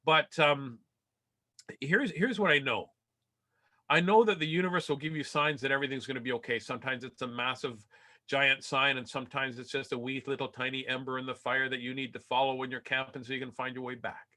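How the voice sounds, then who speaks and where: Bright-voiced man telling a story. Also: medium pitch, a little fast. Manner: animated, self-deprecating storyteller who acts out quotes; turns soft and earnest in emotional passages. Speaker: keynote speaker. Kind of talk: motivational storytelling talk.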